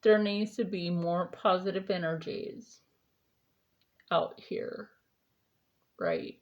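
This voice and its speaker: A woman's voice: fairly low pitch, highs cut off. A woman vlogger chatting casually during her skincare routine, telling a rambling story with lots of fillers.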